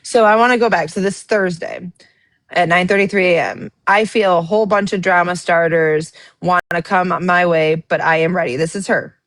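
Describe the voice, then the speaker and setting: Woman on a livestream, lowish voice, dry sound, blunt and swears a lot, animated storytelling. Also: moderate pace, no room sound. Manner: animated storytelling, reading out text messages, blunt and profane. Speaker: livestream host. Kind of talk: casual livestream chat.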